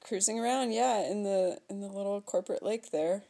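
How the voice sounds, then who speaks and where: A playful, teasing woman trading stories in relaxed conversation, laughing often. Her voice is warm and mellow, and her pitch sits in the middle of the usual range for a woman. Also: a little fast, gravelly. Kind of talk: casual chat.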